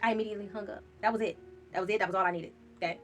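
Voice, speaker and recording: A woman's voice: medium pitch, fairly even intonation, very fast, faint music behind. A woman vlogger telling a personal story in a candid, casual way, swearing freely.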